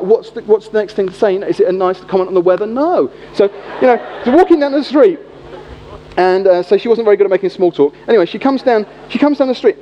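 High-voiced, lively British preacher. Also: male voice. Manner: animated, chatty anecdote telling. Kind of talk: sermon storytelling. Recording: long reverb, dull lo-fi sound.

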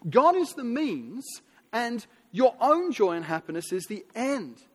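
A man preaching a sermon from England, emphatic and animated, with sudden drops and rises in his delivery, in a large church hall. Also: very high voice, a little slow. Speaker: pastor. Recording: long hall reverb.

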